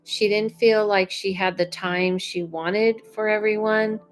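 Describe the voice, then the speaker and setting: Slow, chatty woman doing a psychic reading. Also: mid-range voice, fairly even intonation, soft background music, rough recording. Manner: chatty and unhurried, with many fillers. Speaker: psychic medium. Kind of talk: live-streamed reading.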